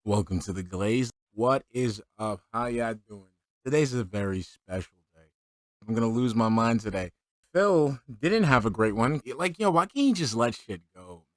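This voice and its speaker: A man's voice: mid-range voice, animated, moderate pace, no room sound, clean studio sound. A man giving a profane, exasperated reaction commentary as a streamer.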